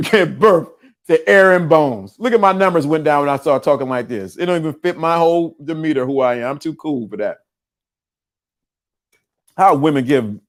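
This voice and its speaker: Animated, laughing male livestream host. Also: a little high. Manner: animated, laughing, streetwise slang. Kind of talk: casual livestream commentary.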